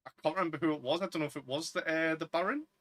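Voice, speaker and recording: A man's voice: a little high, racing, a bit bright. A man, co-hosting a casual film chat in a chatty, opinionated way. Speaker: podcast co-host.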